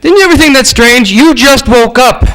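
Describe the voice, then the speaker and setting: Animated, high-voiced man lecturing. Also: normal speed, a little hiss or hum, poor audio. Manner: animated storytelling, acts out voices, casual swearing; addresses the audience directly. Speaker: workshop lecturer. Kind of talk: humorous teaching anecdotes.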